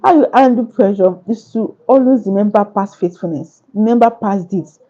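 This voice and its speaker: A woman's voice: mid-range voice, normal speed, mellow, lo-fi sound. A woman author answering questions at a book launch, speaking earnestly with repetitive, preacher-like phrasing.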